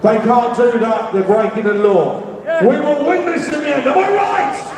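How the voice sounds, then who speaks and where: A middle-aged man with a London accent giving a rambling rally speech as an activist, shouting demands and leading the crowd in call-and-response. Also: very high voice, normal speed. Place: public rally. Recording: echoey, distant, with crowd noise. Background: faint crowd and ambient noise.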